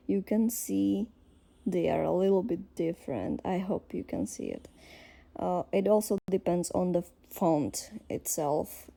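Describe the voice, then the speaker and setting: A woman with a Slovak accent teaching a language lesson, explaining slowly with frequent fillers and pauses as she thinks aloud. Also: medium pitch, vocal fry, warm tone.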